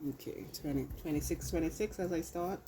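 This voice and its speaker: A woman's voice: low voice, brisk, background noise. A woman with a British accent giving a casual collective tarot reading, chatty and loose, swearing and talking to herself as she handles her cards. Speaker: tarot reader.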